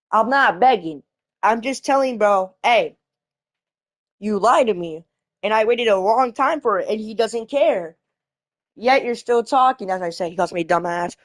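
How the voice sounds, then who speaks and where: A woman's voice: medium pitch, no echo. Rambling ranting female vlogger, dry sound. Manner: rambling, restarting and swearing while retelling a chat argument. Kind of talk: casual storytelling rant.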